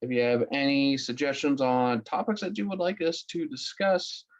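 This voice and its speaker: A man's voice: medium pitch, animated, moderate pace. A man co-hosting a podcast in casual chat, laid-back and jokey, often trailing off. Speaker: podcast co-host.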